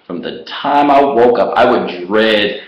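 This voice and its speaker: A man vlogger telling his personal story to the camera in an animated way, laughing often and acting out what he once said. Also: fairly low pitch, measured pace, lo-fi sound. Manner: animated, laughs often, acts out his own past words. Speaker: online business vlogger. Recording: roomy echo.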